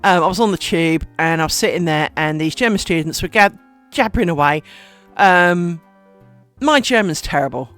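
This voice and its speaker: A woman's voice: lowish voice, animated, normal speed, fairly bright tone, soft background music. A woman chatting casually on a live stream while she makes lace, rambling and self-deprecating, with lots of fillers.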